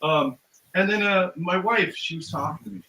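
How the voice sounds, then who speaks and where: A man's voice: high voice, moderate pace, sharp tone. A man, a musician guest, telling a story casually in a rambling way, with many fillers and acted-out quotes. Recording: roomy, noisy recording.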